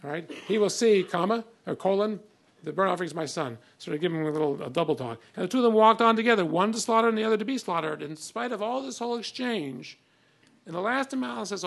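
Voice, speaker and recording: A man with a gravelly, high-sitting voice gives a conversational classroom lecture on old texts. He reads passages aloud with emphasis, with plenty of fillers in between.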